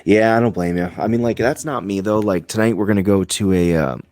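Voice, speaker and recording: Man, podcast co-host, deep voice, dry recording, casual joking chatter with swearing. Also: brisk, a little mellow, no room sound. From Vermont. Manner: rambling, profane, joking. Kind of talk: casual chat.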